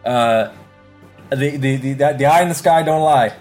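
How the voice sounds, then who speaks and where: A man's voice: mid-range voice, moderate pace, darkish tone, faint music behind. Hyped-up man reading sports picks. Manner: hypes announcements, sings out "ding" on picks. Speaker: podcast co-host. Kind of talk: casual sports podcast chat.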